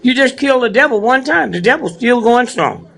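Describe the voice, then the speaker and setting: With a very high-pitched, gravelly, slightly bright voice, an elderly man in his eighties speaks to a live audience at normal speed with lively intonation. He's preachy but joking, and keeps nudging listeners with "huh?" and "hmm?"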